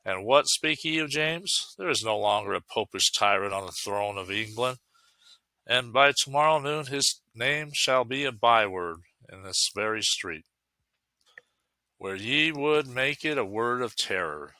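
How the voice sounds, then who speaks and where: A man's voice: mid-range voice, lively intonation, unhurried, pushed and bright, no room sound. A man reading the part of a stern, aged male Puritan champion who speaks in commanding, archaic tones.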